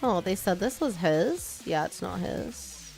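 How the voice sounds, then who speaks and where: A woman's voice: medium pitch, lively intonation, takes it slowly, gravelly, darkish tone, soft background music. A young woman streamer with a slight Texan twang, chatting casually with her viewers while she works, self-deprecating and laughing often.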